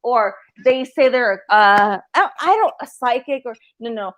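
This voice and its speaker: Female livestream host, medium; emphatic and profane, higher voice, dry close sound. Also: normal speed, fairly bright tone, no room sound. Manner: emphatic, swears freely, repeats herself. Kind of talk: casual livestream chat.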